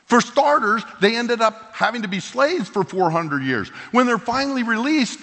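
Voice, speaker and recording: A man preaching a sermon as pastor, animated and conversational, leaning into quoted lines. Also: extremely high pitch, normal speed. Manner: animated, acts out voices of biblical figures in quotes. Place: church sanctuary. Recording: long hall reverb.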